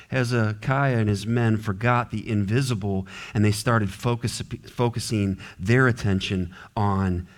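A man pastor preaching an expository sermon, animated and acting out characters with varied voices. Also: medium pitch. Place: church sanctuary.

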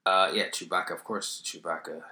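A man's voice: low-pitched, steady tone, a little fast, sharp tone, echoey room. A man hosting a casual solo podcast, rambling and swearing freely while joking at his own expense. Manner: rambling, profane, self-deprecating. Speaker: podcast host.

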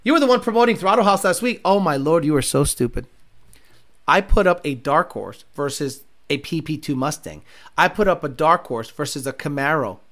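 A man hosting a car channel rants at viewer comments with an expressive voice at a moderate pace. He mocks and swears, swinging between low mutters and loud jabs.

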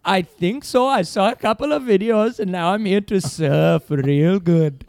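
Guy putting on a dopey surfer dude, high goofy voice, dry close sound. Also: creaky, darkish tone, no echo. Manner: raised, slowed goofy voice. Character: dopey eager male surfer wannabe.

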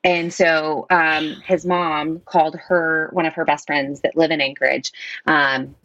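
A woman telling a personal story in casual conversation, animated, acting out quotes with many fillers and frequent laughs. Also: deep voice, measured pace, no room sound, muffled recording. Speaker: guest telling her story.

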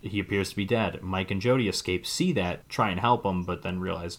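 A podcast co-host rambles through a casual movie recap, hedging often as he retells the film's plot. His lowish voice is sing-song, at normal speed with few pauses.

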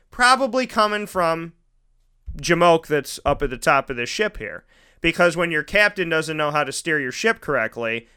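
A man's voice: fairly high pitch, smooth. A man hosting his own show, telling a story in a casual monologue and acting out the people he quotes. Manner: animated storytelling, acts out quoted voices. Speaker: radio show host. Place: studio.

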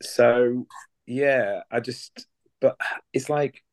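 A man's voice: medium pitch, very slow, darkish tone, no echo. A man as a guest on a wrestling podcast, rambling and restarting his sentences as he gives his view. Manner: rambling, stumbles over restarts. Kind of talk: casual review chat.

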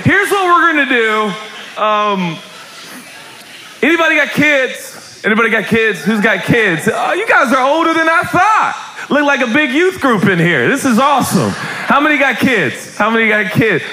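Animated, bright-voiced male pastor preaching. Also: extremely high pitch, moderate pace, a little hiss or hum. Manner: animated, joking, shouts and acts out quotes. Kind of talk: lively sermon to a live congregation. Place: church hall.

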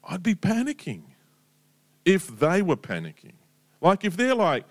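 A man's voice: high-pitched, a little slow, long pauses. A man giving a casual, conversational sermon full of stories and asides. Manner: conversational storytelling, lively, chatty asides. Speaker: preacher.

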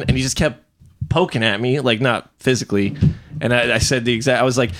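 A man co-hosting a podcast in casual chat, telling animated stories full of swearing and acted-out quotes. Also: medium pitch, a little fast. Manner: animated storytelling, swears a lot, acts out quotes. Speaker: podcast co-host.

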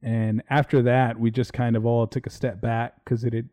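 A mellow, warm-voiced man talks loosely and casually as the host of a livestream. He rambles a little and drops the odd curse word offhandedly. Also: medium pitch, level tone, moderate pace. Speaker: podcast host.

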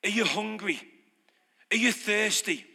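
A man's voice: high-pitched, lively intonation, a little slow, bright, forceful tone, husky. A man preaching an off-the-cuff sermon, emphatic and repeating phrases for punch. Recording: long hall reverb.

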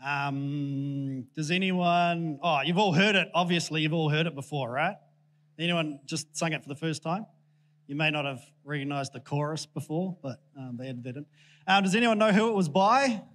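A man's voice: on the high side, normal speed, a bit bright. A man giving a casual, joking sermon to a church congregation, chatty and self-deprecating with plenty of ums. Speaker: preacher.

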